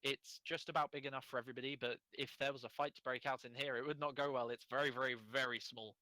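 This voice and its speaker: A man narrating as game master, quick and descriptive with fillers. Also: mid-range voice, level tone, pushed and bright, no room sound, rough recording.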